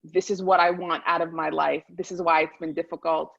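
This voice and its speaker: A woman's voice: deep voice, little pitch movement, brisk, gravelly, a bit bright, no room sound. A woman author talking earnestly over a video call, restarting her sentences often. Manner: earnest, many restarts, grows emotional. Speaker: guest author. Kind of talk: heartfelt conversational talk. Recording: dull lo-fi video call audio.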